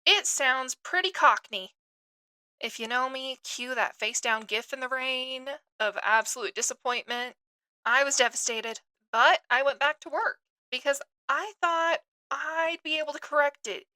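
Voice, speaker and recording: A woman's voice: high-pitched, fairly even intonation, normal speed, bright, forceful tone, no echo, poor audio. A woman hosting a literary podcast, talking in an enthusiastic, self-deprecating way. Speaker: podcast host. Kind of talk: chatty podcast monologue.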